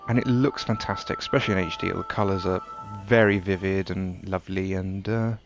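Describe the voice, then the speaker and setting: A man giving relaxed, wry, rambling commentary while playing a video game. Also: low voice, brisk, gravelly. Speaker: gameplay commentator. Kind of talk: casual gameplay commentary. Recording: dull lo-fi sound with game music behind. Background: game music.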